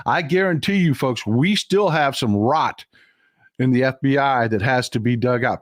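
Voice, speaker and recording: A man's voice: mid-range voice, no echo, clean studio sound. An older man hosting a casual livestream, talking bluntly and with profanity while he reads out and thanks viewers' comments. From Texas. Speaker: livestream host.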